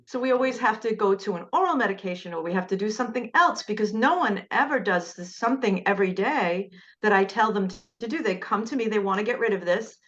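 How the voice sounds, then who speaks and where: A woman's voice: mid-range voice, quick pace, hardly any pauses, a bit bright. A middle-aged woman teaching a class through rambling personal stories, with frequent restarts. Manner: rambling storyteller, frequent restarts, acts out quoted voices. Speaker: class instructor. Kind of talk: anecdotal teaching talk. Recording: dull lo-fi recording.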